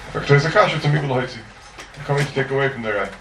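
A man teaching a Talmud class, working through cases with lively rhetorical questions. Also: mid-range voice, rapid-fire. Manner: lively, rhetorical questions, mixes Hebrew and Aramaic terms. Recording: roomy echo, mic far off, faint noise.

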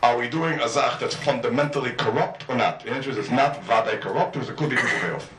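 A man's voice: medium pitch, fast, background noise. A man teaching a Talmud class. He mixes English with Hebrew and Aramaic study terms and keeps firing rhetorical questions at his students. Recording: roomy echo, mic at a distance.

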